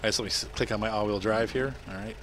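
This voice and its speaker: A man's voice: fairly low pitch, steady tone, very fast, noisy background. A middle-aged man casually narrating a game as he plays, explaining each step as he goes. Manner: chatty, explains as he plays, talks to family off-mic. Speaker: gameplay streamer. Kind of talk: casual gameplay commentary.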